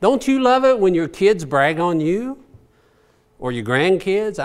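A man's voice: sits high, expressive, measured pace, clear, resonant tone. An older man preaching a folksy, conversational sermon, asking rhetorical questions and chuckling as he goes. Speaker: pastor.

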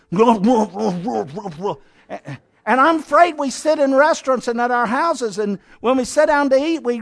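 A man preaching a sermon as pastor, telling the story dramatically and swinging between raised exhortation and quiet, close asides. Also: very high-pitched. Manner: dramatic storytelling, acting out scenes.

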